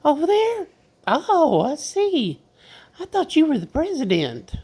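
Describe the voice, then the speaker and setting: A woman's voice: high-pitched, huge pitch swings, takes it slowly, a little mellow. A grandmother talking baby talk to her toddler grandchild in a playful, coaxing, sing-song way.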